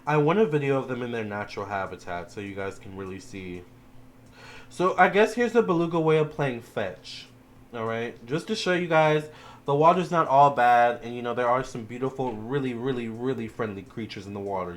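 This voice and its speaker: A man doing a tarot reading for his online viewers in a loose, chatty way, talking straight to them as y'all. He is openly emotional and teary in his voice, at a middle pitch, with a faint hum of the room behind him. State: teary-eyed. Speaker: tarot reader. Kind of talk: casual tarot reading video.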